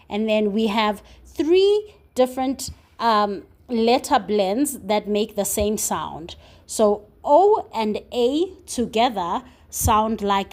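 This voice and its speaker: Slow, patient woman phonics tutor. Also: fairly high pitch, animated, darkish tone. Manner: slow, patient, clearly sounding out letters. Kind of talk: phonics lesson for young children.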